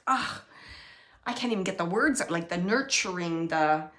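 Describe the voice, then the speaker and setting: A woman giving a live mediumship reading, relaying messages in a halting, emotional way and often searching for words. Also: fairly low pitch, animated, a bit bright. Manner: emotional, close to tears at times.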